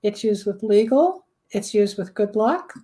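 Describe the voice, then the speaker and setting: A woman's voice: mid-range voice, lively intonation, a little slow, dark tone. A woman hosting a talk show, chatty and explaining things with everyday kitchen examples. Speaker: host, candle magic practitioner. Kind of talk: casual talk show chat.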